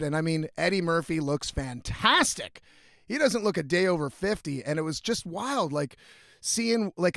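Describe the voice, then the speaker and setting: A man telling a story in a casual, animated, heavily profane way, rambling as he goes. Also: high-pitched, dry recording, clean studio sound. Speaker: vlogger.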